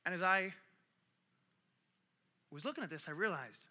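Bright-voiced man telling a sermon story. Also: high-pitched, moderate pace. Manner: animated storytelling, swings from quiet to loud. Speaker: pastor.

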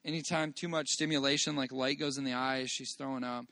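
A man telling a personal church testimony to a congregation in a church meeting room, earnest and halting as he restarts phrases and praises God. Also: mid-range voice, steady tone, pushed and bright, no echo. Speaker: father giving a church testimony.

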